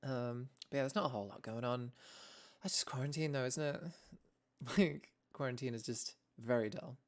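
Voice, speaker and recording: A woman's voice: very deep voice, steady tone, normal speed. A young English woman streaming a casual chat, rambling and self-deprecating, laughing often as she talks to her viewers. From England.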